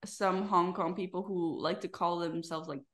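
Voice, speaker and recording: A woman's voice: lowish voice, fairly even intonation, moderate pace, fairly bright tone. A woman chatting casually on a podcast, easygoing and often trailing off mid-sentence. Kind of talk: casual chat. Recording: noisy crowd behind.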